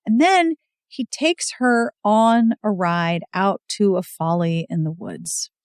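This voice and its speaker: A woman's voice: medium pitch, takes it slowly, clean tone, no echo, clean studio sound. A woman co-hosting a podcast, recapping a book in casual chat and acting out the characters' lines. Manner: animated retelling, acts out dialogue. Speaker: podcast co-host.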